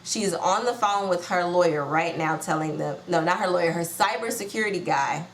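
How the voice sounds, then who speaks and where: A slightly low-voiced woman chats through a reality show recap in a gossipy, animated way, slipping into slang and outrage. Her voice bounces around an echoey room with a faint hum of ambience behind it. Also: a little fast. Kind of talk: casual watch-along commentary.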